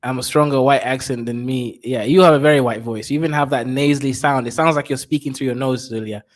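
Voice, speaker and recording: A man reacting to a video in casual commentary, animated and jokey. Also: fast talker. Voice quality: animated and jokey, with swings in pitch. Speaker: reaction streamer.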